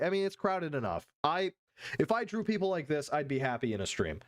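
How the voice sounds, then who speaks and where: A man's voice: on the high side, sing-song, fairly quick. A male streamer reacting live to a video, swearing a lot, joking, and jumping between put-on voices. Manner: profane, jokey, jumps between voices.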